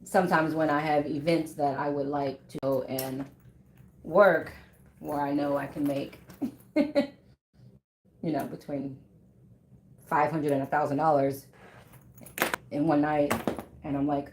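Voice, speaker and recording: Lady in her 30s chatting w viewers while sewing, lowish voice, laughs a lot, roomy echo. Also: steady tone, unhurried, long pauses, darkish tone, slight background noise. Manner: chatty, laughs often, talks to chat by name. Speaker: bag maker live-streaming while sewing. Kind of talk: casual chat with viewers. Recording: echoey room.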